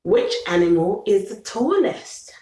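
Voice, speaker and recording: A woman's voice: mid-range voice, big pitch swings, a little slow, mellow. A woman reading a children's picture book aloud, patiently naming animals, asking questions and counting with the child. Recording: echoey room.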